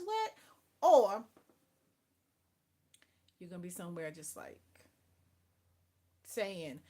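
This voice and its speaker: An older woman, rambling through a casual spiritual talk and calling the listener "baby" as she preaches. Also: mid-range voice. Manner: rambling, swings from soft to loud. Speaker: spiritual channel host.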